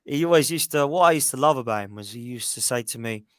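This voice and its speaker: A man's voice: mid-range voice, lively intonation, fast, dry recording. Man reminiscing, dry close sound. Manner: warm reminiscing, laughs, repeats himself. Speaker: podcast guest. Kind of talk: casual podcast chat.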